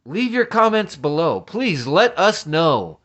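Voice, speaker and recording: A man's voice: fairly high pitch, very animated, slow pace, fairly bright tone. A man ranting as a vlogger, agitated and profane, often stammering and restarting his sentences. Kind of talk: ranting commentary.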